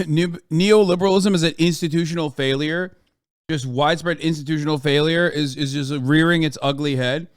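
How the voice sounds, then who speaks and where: An American man rants through a livestream reaction, swearing and exasperated. His voice sits high and clear, and it is recorded close and dry. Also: steady tone, fairly quick, no room sound. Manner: profane, exasperated ranting. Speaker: streamer reacting to news.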